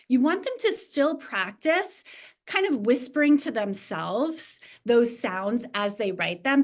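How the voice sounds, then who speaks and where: A woman presenting a teacher training lesson on reading, explaining each step patiently and modeling it aloud. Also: fairly high pitch.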